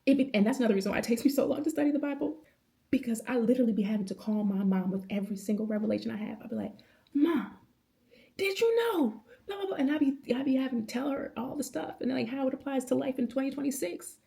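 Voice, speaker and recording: A woman in her thirties vlogs from home late at night, chatting about the Bible with passion and many restarts. Her voice is mellow and gravelly with fry. She talks in casual slang and addresses viewers as y'all. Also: on the high side, racing. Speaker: vlogger. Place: at home indoors.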